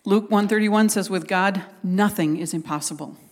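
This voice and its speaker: A woman's voice: mid-range voice, moderate pace, long reverb tail. A woman preaching a conversational sermon, retelling scripture and acting out the quotes with animation.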